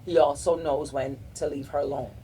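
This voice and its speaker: Soft music plays under a middle-aged woman from South Florida with a low, steady voice and moderate pace. As a podcast host in a relaxed group chat, she rambles through earnest, warm relationship advice and frequently restarts.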